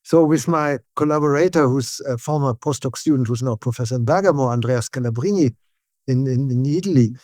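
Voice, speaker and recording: A neuroscientist guest speaking as an English speaker, explaining ideas in calm conversation and often checking in with "yeah?". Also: male voice, medium pitch, no echo, studio quality. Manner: tag "yeah?" questions, frequent restarts, calm and deliberate.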